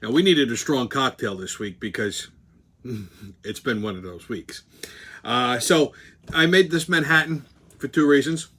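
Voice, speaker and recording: A man's voice: medium pitch, unhurried, a bit bright. A male host, talking bluntly and profanely in casual commentary while mixing a drink.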